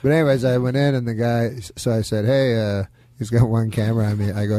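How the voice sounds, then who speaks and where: A man's voice: fairly low pitch, flat delivery, fast, dark tone, no room sound. A man telling a rambling anecdote as a talk show guest, chuckling often and acting out what people said. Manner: rambling, chuckling, acts out quotes.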